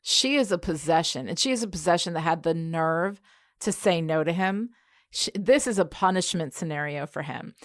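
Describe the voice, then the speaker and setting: A woman co-hosting a podcast, making her points emphatically between many fillers. Her voice is on the lower side and her talk stays thoughtful. The sound is dry and close. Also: expressive, normal speed, no echo. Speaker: podcast co-host. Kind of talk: casual chat.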